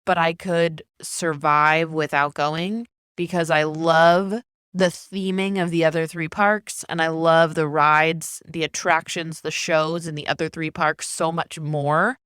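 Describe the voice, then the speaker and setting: A woman's voice: deep voice, flat delivery, a little slow, fairly bright tone, smooth, dry recording, studio quality. A woman in her thirties co-hosting a casual podcast, giving decisive, enthusiastic opinions. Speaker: podcast co-host. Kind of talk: casual chat.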